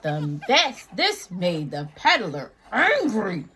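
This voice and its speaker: A woman reading a picture book aloud to young children, playful and asking them questions with dramatic pauses. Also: mid-range voice, wildly swooping pitch, fairly bright tone, slight background noise. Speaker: children's story reader. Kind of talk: animated children's read-aloud.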